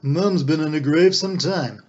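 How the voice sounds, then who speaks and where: A man voicing a smooth-talking young male con man with a bold, cheeky manner. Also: fairly high pitch, unhurried, a little mellow. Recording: dull lo-fi recording.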